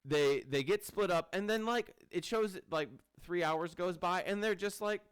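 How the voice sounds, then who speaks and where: A man's voice: high-pitched, clear, resonant tone, dry recording. A man reviewing a movie in casual chat with friends, ranting animatedly, swearing and mocking scenes. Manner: animated, swearing, quick rants with mock quotes.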